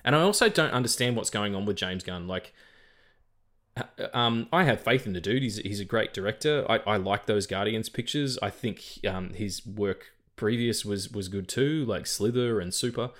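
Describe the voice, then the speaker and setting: A man's voice: on the low side, normal speed, fairly bright tone. An Australian man co-hosting a podcast in casual chat, rambling and swearing, often repeating words as he stumbles. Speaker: podcast co-host.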